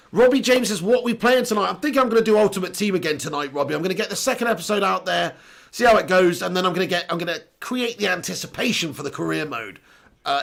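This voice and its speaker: A man's voice: sits high, gravelly. A young English man hosting a casual live stream, reading chat comments aloud, joking, laughing and swearing casually.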